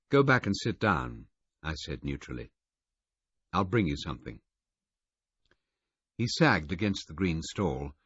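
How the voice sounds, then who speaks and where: A man narrating a first-person audiobook with a husky voice and a measured, understated delivery. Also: a bass voice, no room sound. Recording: muffled lo-fi recording.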